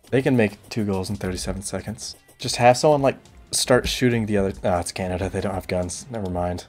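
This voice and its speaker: A young man streaming a video game, tossing off deadpan absurd jokes and mock complaints in casual commentary. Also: on the low side, fairly quick, soft background music.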